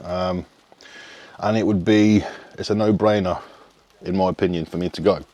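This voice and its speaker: A man in his thirties talks straight to his viewers in a loose, rambling vlog style, tossing in swear words without a second thought. His voice is very deep and low. The sound is dry and close, with no room echo. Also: steady tone, moderate pace, darkish tone. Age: 30s. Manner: rambling, frank, casual swearing. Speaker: fitness coach. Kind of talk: casual vlog chat.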